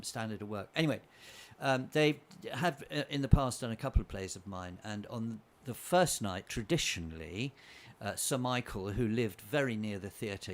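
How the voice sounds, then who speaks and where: A man, a guest playwright, telling anecdotes on a chat show with animated delivery and frequent chuckles. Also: fairly low pitch. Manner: animated storyteller, chuckling often.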